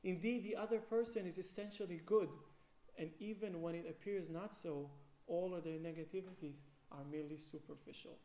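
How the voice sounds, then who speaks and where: A man giving a sermon on the weekly Torah portion, telling a story with lively acted-out quotes and frequent fillers. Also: high-pitched, fairly quick. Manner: animated storyteller, acts out quoted voices, many fillers. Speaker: rabbi. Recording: echoey room.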